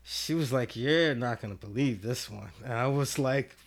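A man's voice: mid-range voice, moderate pace. A man telling a rowdy, profane story in casual podcast chat, acting out what people said. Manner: animated, profane storyteller who acts out quotes. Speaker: podcast guest.

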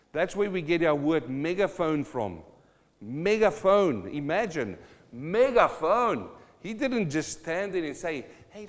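A man preaching a sermon and reading scripture aloud, moving from quiet reading to loud, fired-up preaching. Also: a little high, dull audio. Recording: long reverb of a large hall.

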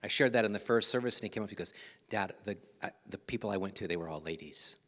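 A middle-aged man preaching a sermon as pastor, animated, swinging between loud emphasis and hushed, near-whispered asides. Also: on the low side, fast. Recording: church hall reverb.

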